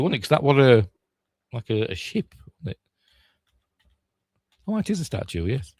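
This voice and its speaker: A man's voice: medium pitch, big pitch swings, normal speed, pauses often, a little mellow, breathy edge, no room sound. Grumbling older Yorkshire man, dry sound. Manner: chatty, grumbling, self-mocking asides. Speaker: podcast host. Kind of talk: casual trailer reaction chat.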